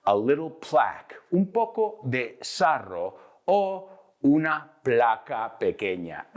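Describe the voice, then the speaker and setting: Animated bilingual male English teacher. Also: medium pitch, slow. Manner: energetic, switches between English and Spanish, acts out examples.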